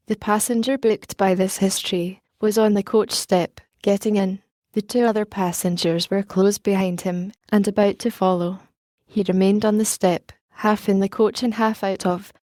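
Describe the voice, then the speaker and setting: A woman narrating a classic novel in a steady, measured storytelling manner. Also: medium pitch, no echo, clean studio sound. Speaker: audiobook narrator.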